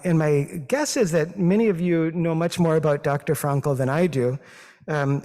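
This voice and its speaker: A man with a Midwestern accent, a physician giving a thoughtful, modest talk with slides, pausing often with fillers. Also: a little high, darkish tone. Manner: thoughtful, hesitant, with many fillers; modest and self-deprecating. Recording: long reverb of a hall.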